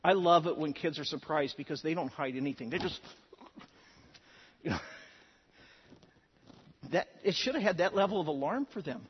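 Pastor, male, higher voice, delivering a sermon with dramatic emphasis; muffled, lo-fi recording. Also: animated, normal speed, pauses often, husky. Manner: earnest preaching with dramatic emphasis. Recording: dull sound with long hall reverb.

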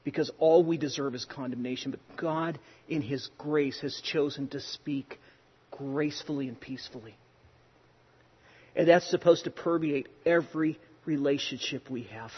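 A man preaches a sermon in an easy, conversational way and weaves in everyday stories from his own life. His voice sits a little high with a husky edge, and he moves between raised passages and near-hushed ones. The recording is dull and lo-fi, with a long reverb from a large hall. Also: normal speed. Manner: conversational preaching with personal anecdotes, swings from loud to hushed. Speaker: pastor.

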